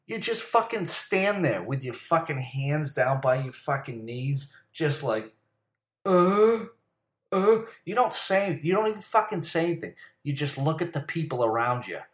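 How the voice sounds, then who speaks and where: A man's voice: mid-range voice, big pitch swings, normal speed, hardly any pauses, a bit bright, echoey room. Profane rambling man ranting about sports. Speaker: sports commentary host. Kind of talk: profane casual sports rant.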